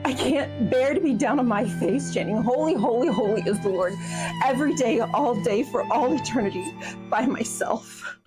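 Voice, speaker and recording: A woman's voice: on the high side, normal speed, close to an everyday voice. A woman playing a weary soul complaining about endless worship, in a comedy ad sketch. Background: music.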